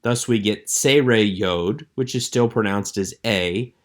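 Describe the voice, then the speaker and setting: Low-voiced man teaching Hebrew vowels. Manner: measured, explanatory, slows to model vowel sounds. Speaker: Hebrew instructor. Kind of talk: recorded lecture.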